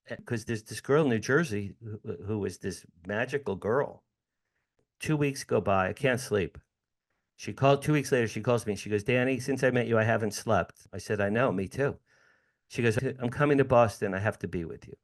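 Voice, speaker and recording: A man in his sixties from the United States, an interview guest telling a personal story with lively acted-out dialogue and frequent laughs. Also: mid-range voice. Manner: animated storyteller, acts out dialogue, laughs often.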